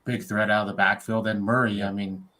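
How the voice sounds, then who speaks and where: A man's voice: on the low side, level tone, brisk, bright, forceful tone. A man on a sports chat panel, plain-spoken and opinionated.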